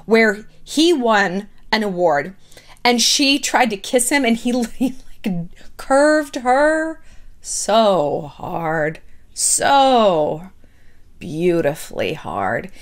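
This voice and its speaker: A woman hosting casual gossip commentary, talking in an animated, candid and sarcastic way. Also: mid-range voice. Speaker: pop culture commentary host.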